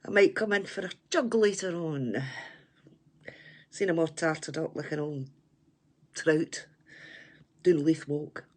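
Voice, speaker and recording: Slow-talking older Scottish woman. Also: low voice. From Scotland. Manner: chatty, self-mocking, laughs often. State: runny nose. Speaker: livestream host. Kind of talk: casual chat to viewers.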